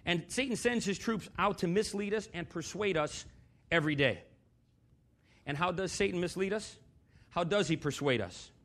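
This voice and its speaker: Preaching in a church at normal speed, a man with a high, fairly bright and expressive voice keeps his sermon conversational. He questions the congregation and works in bits of dry sarcasm.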